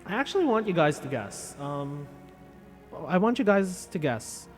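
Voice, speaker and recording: A man's voice: fairly high pitch, very animated, measured pace, soft background music. A man chatting casually with viewers on a live stream, rambling and self-deprecating. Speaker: VTuber streamer.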